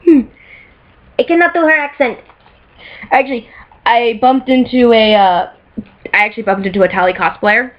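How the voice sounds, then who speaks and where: A young woman with a fairly high voice talks through a casual show-and-tell vlog. She rambles, breaks off to correct herself and laughs often. The sound is dull and lo-fi, like an old home video. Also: normal speed, long pauses. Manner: excitable, rambling, self-correcting, frequent laughs. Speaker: vlogger.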